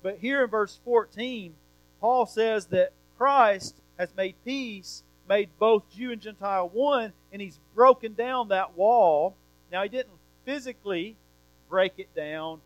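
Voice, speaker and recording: High-voiced preacher with a humming line. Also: male voice, a little slow, no echo, highs cut off. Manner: explains verse by verse, asks the room questions. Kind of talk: sermon. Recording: mains hum.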